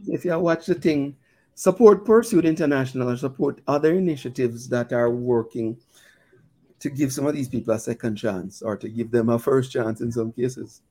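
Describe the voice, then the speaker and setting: A man's voice: medium pitch, normal speed, darkish tone. Easygoing male co-host. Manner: easygoing, says "man" often. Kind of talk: casual talk-show chat.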